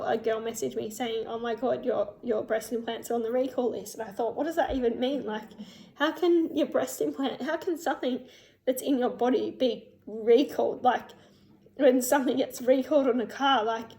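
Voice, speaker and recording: A young woman telling her personal story in a vlog, emotional and halting, with many fillers and restarts. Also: a little high, a little mellow. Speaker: vlogger.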